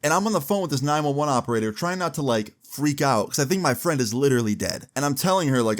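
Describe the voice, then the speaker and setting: Animated young man telling a story. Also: mid-range voice, fast talker, few pauses. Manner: animated, casual, swears freely. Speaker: vlogger. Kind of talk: storytime vlog.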